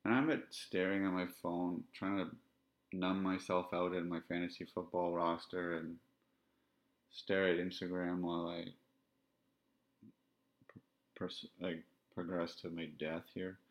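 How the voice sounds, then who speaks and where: A man hosting a podcast, telling a personal story in a reflective, halting, candid way. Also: deep voice, little pitch movement. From Canada. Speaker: podcast host. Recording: dull lo-fi sound.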